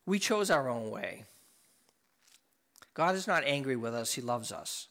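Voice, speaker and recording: A middle-aged man preaching a sermon, impassioned, swinging from loud, high emphasis to low, quiet tones and repeating words as he presses his points. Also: animated, a little slow.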